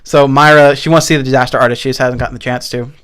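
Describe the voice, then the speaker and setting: Smooth-voiced young man telling stories. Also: mid-range voice, fairly even intonation, racing, fairly bright tone. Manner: rambling storyteller, lots of fillers and swearing. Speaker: podcast co-host. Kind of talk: casual chat.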